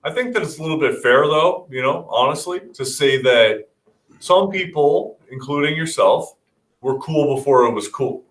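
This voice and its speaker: A man's voice: fairly high pitch, lively intonation, moderate pace, fairly bright tone. A man co-hosting a casual podcast chat, rambling with many restarts and swearing freely. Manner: rambling, hesitant restarts, profane. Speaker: podcast co-host. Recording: echoey room.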